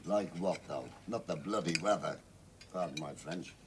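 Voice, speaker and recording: A man's voice: sits low, normal speed, noisy background, natural voice. An actor playing a blunt, grousing door-to-door brush salesman.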